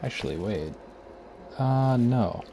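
This man's mid-range voice is animated with a dark tone, and a little hiss or hum sits under the recording. He's a repair video host narrating a guitar pedal repair at his bench, musing aloud as he tests and troubleshoots. He takes his time and lets sentences trail off mid-task.

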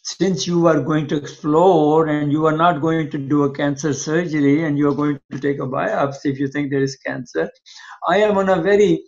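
Older doctor guy, gravelly voice, slightly high, tells stories acting out both sides, dull lo-fi sound. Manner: animated storyteller acting out both sides of old conversations. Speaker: physician guest. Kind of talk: interview storytelling.

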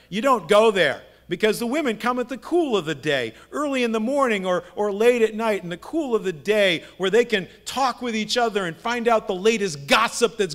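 A middle-aged pastor delivers a sermon in a fairly high male voice. He preaches like he is telling stories to friends and keeps tossing rhetorical questions at the congregation. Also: fairly bright tone. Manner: conversational storytelling with rhetorical questions. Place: church sanctuary.

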